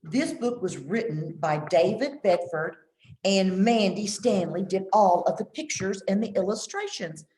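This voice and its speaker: A woman gives a kindergarten nutrition lesson in a slow, drawn-out teacher voice, her pitch swinging up and down. She says short phrases for the children to repeat back. The sound carries an echo, as if recorded in a bare room. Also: animated, mellow, slight background noise. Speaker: extension nutrition educator.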